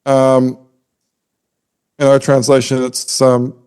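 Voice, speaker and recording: A man's voice: medium pitch, completely flat delivery, slow, a little mellow, clean tone. A man co-hosting a podcast, explaining poetic meter in a casual, scholarly way and humming out rhythms with his voice. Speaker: podcast co-host.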